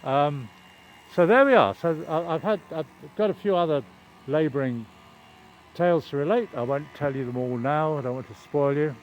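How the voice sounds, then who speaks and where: A man's voice: fairly high pitch, moderate pace, muffled recording, a little hiss or hum. An older man vlogging outdoors beside a construction site, chatting in a meandering, hesitant way with wry self-deprecating humour, filming on a handheld phone. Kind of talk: rambling casual vlog chat.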